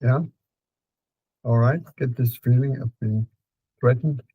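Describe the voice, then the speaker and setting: A man with a Danish accent calmly guiding a client through a therapy session, repeating prompts slowly. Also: mid-range voice, slightly rough, no echo, narrow, tinny audio. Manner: calm, repetitive prompting with fillers.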